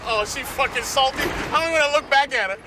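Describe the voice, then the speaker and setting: A man's voice: very high-pitched, brisk. A man joking around with a friend outdoors, mock-bossy and swearing, laughing between lines. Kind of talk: casual joking banter. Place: outdoors on a city street. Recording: outdoor street with traffic and people.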